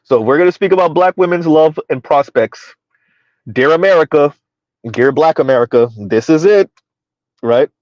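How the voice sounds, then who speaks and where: A man hosting a relaxed live commentary stream, chuckling as he reads out comments from his viewers. His voice sits a bit high for a man and is dry, with little room sound. The sound is muffled and lo-fi. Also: moderate pace, dry recording. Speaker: commentary channel host.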